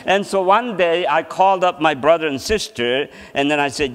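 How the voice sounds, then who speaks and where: In a church hall with long reverb, a man presents a seminar sermon, sharing a personal story and laughing often. His voice sits fairly high and fairly bright, at a moderate pace.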